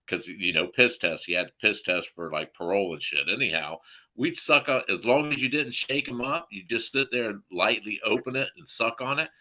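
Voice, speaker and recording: Bright-voiced man telling rowdy stories. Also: lowish voice, expressive, normal speed. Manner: profane, laughing storyteller. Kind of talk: casual chat.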